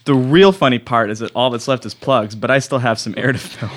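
A man's voice: mid-range voice, a little fast. A young man hosting a comedy podcast, delivering a dry, self-mocking monologue and chatting casually with his guests. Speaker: podcast host.

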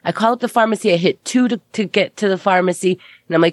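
A woman's voice: on the low side, quick pace, few pauses, no room sound. A woman co-hosting a casual comedy podcast, telling stories animatedly and acting out both sides of her phone calls. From Israel. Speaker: podcast co-host.

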